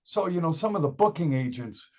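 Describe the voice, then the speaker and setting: A man's voice: fairly high pitch, animated, fairly quick, warm tone. An older man, a musician being interviewed, telling a rambling story and often laughing and acting out what people said. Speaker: musician guest.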